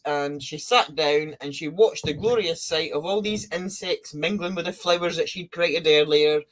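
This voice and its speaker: A woman co-hosting a podcast, telling a creation myth in a casual, playful way. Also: low voice. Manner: playful, breaks into silly character voices. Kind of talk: casual storytelling chat.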